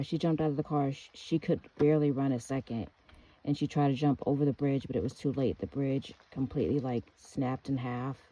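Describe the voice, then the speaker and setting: A woman's voice: rumbling low, mellow, low-quality recording. An American woman telling an earnest, rambling personal story with restarts. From United States. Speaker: speaker giving a testimony.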